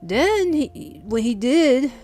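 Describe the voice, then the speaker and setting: An easygoing tiger man regular, bright and chatty, as a woman reads him out. His voice jumps around in lively swings, with faint game music behind. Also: sits high, slow pace, full character voice. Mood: recounting.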